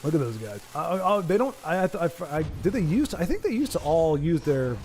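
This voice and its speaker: A man's voice: on the high side, very animated, a little fast, a little mellow. A man hosting a live stream, chatting with viewers and commentating a card game match in a rambling, self-mocking, jokey way. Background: background music.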